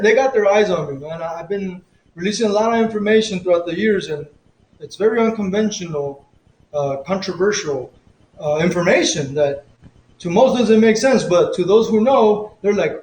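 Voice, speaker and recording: Animated, profane man chatting on a live stream. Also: high-pitched, moderate pace, echoey room, slight background noise, rough recording. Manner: loose, profane storytelling with frequent laughs and fillers. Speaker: boxing coach live-streaming a fight commentary. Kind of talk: casual live-stream chat.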